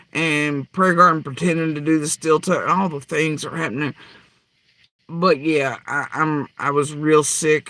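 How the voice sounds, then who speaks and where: A man delivering a heated, profane rant, swinging between loud outbursts and low muttering. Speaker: podcaster ranting.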